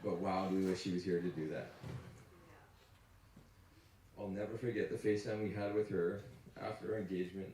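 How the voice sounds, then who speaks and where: Choked-up groom in a noisy echoing room. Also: male voice, sits low, fairly even intonation, a little fast, pauses often, mellow. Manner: heartfelt, choked up, self-conscious. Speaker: groom giving a wedding speech. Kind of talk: emotional wedding speech. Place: wedding party at a cottage. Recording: roomy, distant, noisy room sound.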